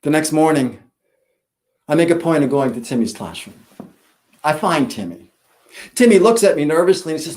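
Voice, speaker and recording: Expressive man telling a heartfelt story. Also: a little high. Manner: dramatic storytelling with expressive pauses. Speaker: school principal. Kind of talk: storytelling speech.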